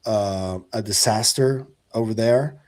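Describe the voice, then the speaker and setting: A man's voice: on the low side, slow pace, darkish tone. A man who reports on UFO cases, talking casually on a podcast and hesitating often with fillers.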